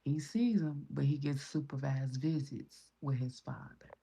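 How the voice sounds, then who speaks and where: Woman, Chicago accent, deep gravelly voice, dark tone, blunt casual vlog talk. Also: fairly even intonation, measured pace. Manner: blunt and profane, quotes others in raised voices. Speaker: vlogger.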